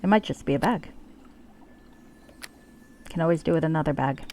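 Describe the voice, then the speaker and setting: A woman's voice: low voice, moderate pace, darkish tone, a little hiss or hum. A woman streaming a role-playing game, with wry, joking asides. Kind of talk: casual let's-play commentary.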